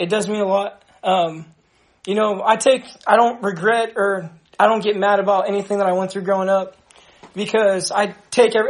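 A young man from Dallas with a high voice shares his personal testimony with a group. He speaks earnestly and haltingly, often restarting his sentences. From Dallas, Texas. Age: young adult. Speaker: ministry member giving testimony.

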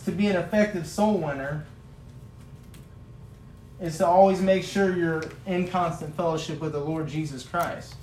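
A man's voice: on the high side, steady tone, normal speed, pauses often, a little mellow, roomy sound, slight background noise, low-quality recording. A male preacher giving a sermon, retelling a story in a folksy, vivid way and building to passionate emphasis.

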